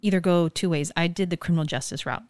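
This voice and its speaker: Casting: woman, 30s, from California, low voice, dry close mic, chatty storyteller. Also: steady tone, fast, darkish tone, dry recording. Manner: chatty, lots of "like" and quoting. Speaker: guest, forensic investigator. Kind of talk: casual interview storytelling.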